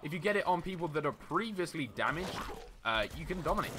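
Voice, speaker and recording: A young man giving casual, rambling commentary over his own gameplay, full of fillers and sudden excited outbursts. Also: on the high side, fast, noisy background. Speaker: gaming video host.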